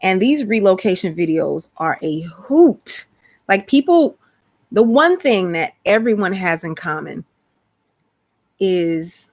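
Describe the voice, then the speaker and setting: A woman's voice: lowish voice, a little mellow. A woman hosting a casual chat stream, rambling and talking straight to her viewers. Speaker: host.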